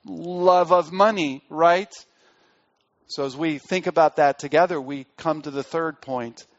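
A man preaching a sermon in an earnest way. He drops soft on key phrases and rises to press a point. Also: fairly high pitch, unhurried, lo-fi sound. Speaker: pastor.

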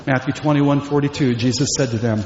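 A man's voice: mid-range voice, steady tone, a little fast, darkish tone, a little hiss or hum. Emphatic preacher man in an echoey hall. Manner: emphatic, asks rhetorical questions. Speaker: pastor. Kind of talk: sermon. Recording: echoey hall, dull lo-fi sound.

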